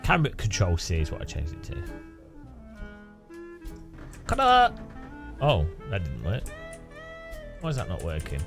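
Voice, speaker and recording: A man's voice: deep voice, wildly swooping pitch, a little fast, vocal fry, faint music behind. A man streaming a game, rambling and joking with his chat in a self-mocking way. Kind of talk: casual live stream chat while gaming.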